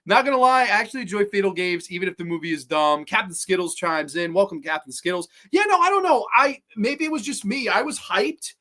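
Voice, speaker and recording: Talking a little fast with hardly any pauses, this podcast host has a medium-pitched, bright, forceful voice. Ranking horror films on a livestream, the host swears bluntly, rambles, restarts often, and fields viewer questions between trailing asides.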